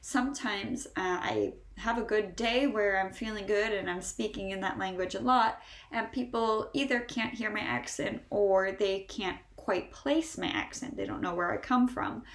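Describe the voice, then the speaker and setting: A woman with a Northeastern American accent teaches English pronunciation at a middling pitch. She says each example word slowly and clearly, often three times over, and her voice rings in an echoey room. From Northeastern United States. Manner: slow, drawn-out model words repeated three times. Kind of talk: pronunciation lesson.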